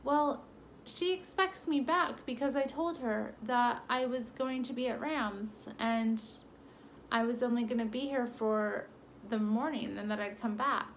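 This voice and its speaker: A woman's voice: on the high side, measured pace, a little hiss or hum. A woman voicing an eager, trusting little female dog who pleads in a raised, hopeful voice. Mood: earnest.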